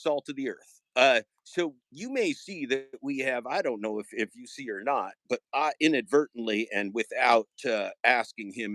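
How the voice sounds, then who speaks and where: A man's voice: lowish voice, a bit bright, no echo. Sarcastic man rambling on a livestream. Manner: sarcastic, joking, taunting. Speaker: live streamer. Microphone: phone held in hand.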